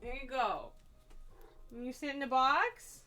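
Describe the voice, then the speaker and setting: A woman's voice: high-pitched, lively intonation, unhurried, pushed and bright. A woman streaming live, chatting casually and cooing and scolding her pets in baby talk. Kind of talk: casual livestream chat.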